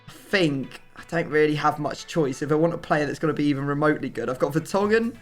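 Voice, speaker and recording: A man's voice: fairly high pitch, fast talker, faint music behind. A young man hosting a gaming video, chatting casually and bantering with a friend, often laughing at himself in mock exasperation. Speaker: gaming YouTuber host. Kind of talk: casual chat while gaming.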